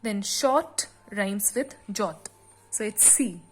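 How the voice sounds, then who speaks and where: A woman teacher explaining a sonnet's meter and rhyme scheme in a slow classroom lesson, with frequent pauses and fillers. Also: mid-range voice, lively intonation, slightly rough, faint music behind. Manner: reads the poem aloud slowly with extra stress. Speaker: literature teacher.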